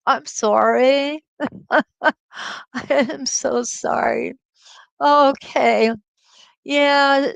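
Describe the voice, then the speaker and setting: A woman's voice: fairly high pitch, creaky, smooth, dry recording, low-quality recording. Chatty woman hosting a live quilting stream. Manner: chatty and laughing, greets viewers by name. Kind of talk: casual livestream chat greeting viewers. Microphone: computer webcam mic.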